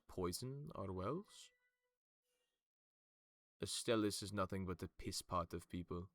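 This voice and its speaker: A man's voice: sits low, no room sound. A man voicing a hostile male noble who rants with scorn. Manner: scornful, forceful rant.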